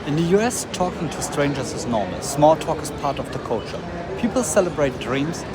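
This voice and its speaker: A man delivers an upbeat, scripted piece to camera outdoors. His voice is slightly high for a man. Street traffic is clearly audible behind him. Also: very animated, moderate pace.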